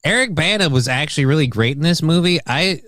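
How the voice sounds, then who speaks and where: A man's voice: on the high side, animated, quick pace, fairly bright tone, dry recording, studio quality. A man co-hosting a casual talk show, chatting easily about movies and actors. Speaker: co-host. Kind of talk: casual chat.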